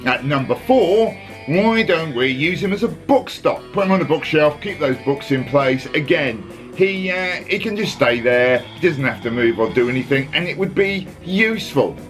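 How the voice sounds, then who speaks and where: A man's voice: fairly high pitch, lively intonation, moderate pace, fairly bright tone, soft background music. Sarcastic man ranting about football. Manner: sarcastic, exasperated, rambling with many restarts. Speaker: podcast host. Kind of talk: casual football rant.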